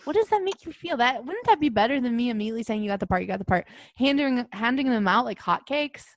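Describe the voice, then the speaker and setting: A woman's voice: fairly high pitch, expressive, fast talker, no room sound, lightly acted. A woman voicing a self-absorbed, erratic female Hollywood director who talks bluntly and imperiously in an improvised comedy podcast. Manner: blunt, imperious, abrupt non-sequiturs. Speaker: guest.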